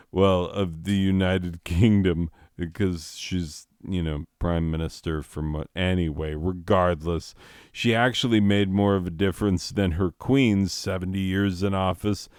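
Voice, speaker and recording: Deep-voiced man ranting through sardonic comedy. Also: darkish tone, no room sound, studio quality. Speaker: stand-up comedian. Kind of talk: stand-up comedy.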